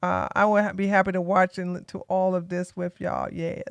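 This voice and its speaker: Sassy woman streamer, crisp voice. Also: lowish voice, level tone, fairly quick, no echo. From Georgia, USA. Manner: blunt, sassy, talks straight to chat. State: tired. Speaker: political live stream host. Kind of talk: casual live stream chat.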